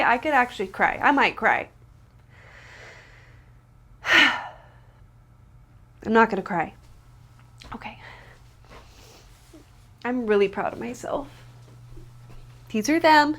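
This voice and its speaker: A woman chats to her camera at home in a casual vlog. Her voice sits a touch high, and she rambles freely, poking fun at herself as she works things out aloud. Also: expressive, a little slow, pauses often, fairly bright tone. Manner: chatty and self-deprecating, thinking aloud with fillers. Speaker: vlogger. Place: at home, indoors.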